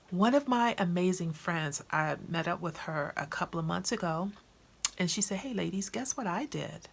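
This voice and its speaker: A woman chatting to camera in an animated, colloquial way, often acting out conversations. Her voice sits low with a gravelly, husky texture. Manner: chatty, animated, acts out quotes; colloquial, with slangy grammar. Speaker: vlogger and author. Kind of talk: casual chat to camera.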